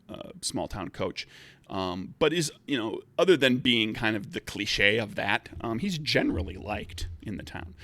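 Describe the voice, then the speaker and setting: A man's voice: fairly low pitch, fairly bright tone, dry recording. A man narrating as game master, explaining rules at length with many fillers and restarts.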